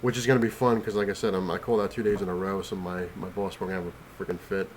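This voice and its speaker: A man's voice: sits low, flat delivery, racing, slight background noise. A man vlogging from his couch while sick and out of breath, rambling casually with many fillers and restarts. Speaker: comic collector vlogger. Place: home, on the couch.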